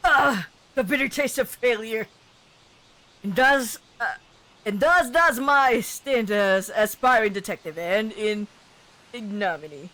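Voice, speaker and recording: A woman's voice: a little high, lively intonation, slow pace, pushed and bright, exaggerated voice. A young woman reading a theatrical, pompous middle-aged man who fancies himself a detective, with a grandiose put-on British lilt. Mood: mock-tragic. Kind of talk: reading game dialogue aloud.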